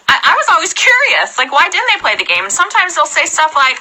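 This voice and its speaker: A young woman in a chatty, animated live-stream coaching talk, often checking in with "okay?". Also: high-pitched, a little fast, slight background noise, poor audio. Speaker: sales trainer.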